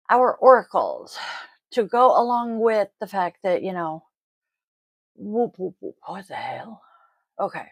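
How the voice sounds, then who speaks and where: Slow blunt woman doing her daily card reading, swears a lot, wanders off topic, dry close sound. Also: a little high, no echo, poor audio. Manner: blunt, swears freely, rambling asides. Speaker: tarot reader and host. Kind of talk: casual solo card-reading video. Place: home, family audible off-mic.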